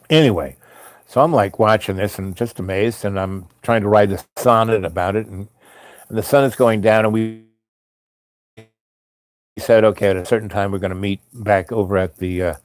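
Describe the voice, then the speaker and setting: A man's voice: fairly low pitch, no echo. A man telling a personal travel story in a casual, rambling way, full of fillers and restarts.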